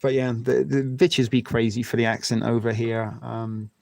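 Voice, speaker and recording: Gravelly English West Country man, rambling. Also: mid-range voice, monotone, moderate pace, a little mellow. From England. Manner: rambling, crude joking, many fillers and restarts. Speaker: livestream host. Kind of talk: casual chat with viewers.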